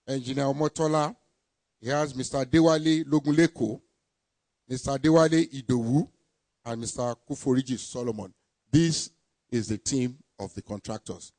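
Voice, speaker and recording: A man giving a formal ceremony speech, deliberately reading out names and titles. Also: medium pitch, darkish tone, no echo. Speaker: permanent secretary presenting a project team.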